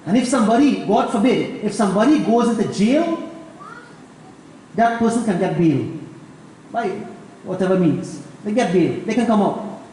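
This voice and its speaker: A man with a Trinidadian accent, a pundit preaching a Hindu sermon with jokes, storytelling lively and calling his listeners friends. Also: high voice, normal speed, pauses often, slight background noise. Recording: very echoey hall, faint ambience.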